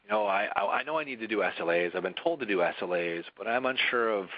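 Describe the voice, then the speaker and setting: A man from a software vendor presenting a webinar in a conversational way, often tagging his points with "right?" and restarting his sentences. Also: fairly low pitch, animated, fast, highs cut off.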